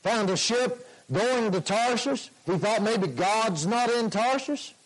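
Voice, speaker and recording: High-pitched guy preaching real slow, leans hard on repeated words. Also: expressive, low-quality recording. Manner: slow, emphatic preaching with repetition. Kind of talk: sermon.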